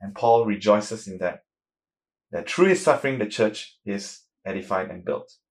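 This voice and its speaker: Guy preaching a sermon, earnest and emphatic, voice rises when he reads scripture. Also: moderate pace. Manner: rises in pitch and volume when reading scripture.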